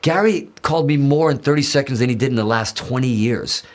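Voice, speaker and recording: A man, a guitarist guest in an interview, telling a story in a casual, animated way, swearing freely, restarting sentences and acting out what others said. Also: medium pitch, a little fast. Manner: animated, profane, restarts often, acts out quoted dialogue.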